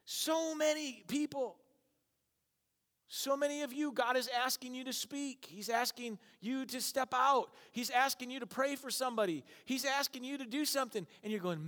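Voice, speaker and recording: A man preaching a sermon as pastor, joking and acting out quick voices for the people in his story. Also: very high-pitched. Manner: animated, jokey, acts out voices. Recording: long hall reverb.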